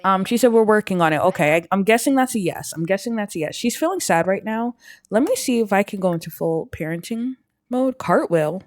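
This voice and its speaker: A woman casually commenting on her life-sim gameplay, chatty and rambling, filling gaps with "like". Her pitch sits in a middle range. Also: expressive, a little fast, no room sound, studio quality. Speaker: gaming YouTuber.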